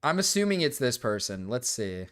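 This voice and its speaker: A man's voice: mid-range voice, very animated, moderate pace. Young man, streamer, flustered and defensive, voice jumping up and down, casual live chat. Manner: flustered, defensive, swings between mumbling and loud protest.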